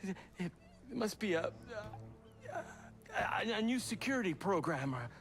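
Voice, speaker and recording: A frightened civilian survivor in a video game stammers in panic. His higher voice rises and falls widely. The game audio sounds distant. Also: sing-song, measured pace, exaggerated voice. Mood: panicked. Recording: game audio heard from afar.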